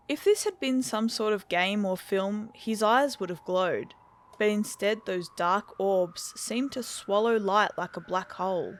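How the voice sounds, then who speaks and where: A woman narrating a scripted horror story in a steady, measured storytelling voice. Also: medium pitch, dry recording.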